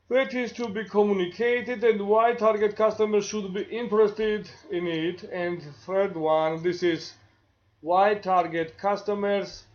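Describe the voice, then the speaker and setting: A man with a Georgian accent, a marketing professor giving a lecture, speaking slowly and deliberately with frequent pauses and fillers. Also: high-pitched, darkish tone, dull audio. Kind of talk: university lecture.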